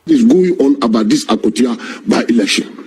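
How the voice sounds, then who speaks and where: A Ghanaian man with a Ghanaian accent and a husky voice, telling political stories animatedly and acting out phone calls. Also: medium pitch, moderate pace, darkish tone. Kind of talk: animated storytelling commentary.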